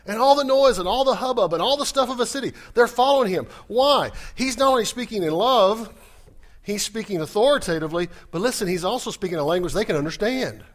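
A man preaching a sermon, animated and humorous, talking fast. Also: sits high. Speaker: pastor.

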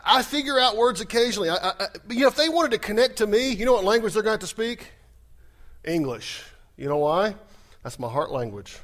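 A man preaching a sermon, animated and humorous, talking fast. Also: high voice. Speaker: pastor.

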